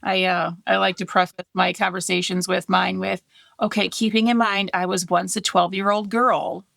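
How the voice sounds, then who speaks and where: A woman's voice: mid-range voice, flat delivery, moderate pace, creaky, a bit bright, dry recording. A woman in her thirties co-hosting a casual podcast chat, candid and chatty, laughing often. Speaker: podcast co-host.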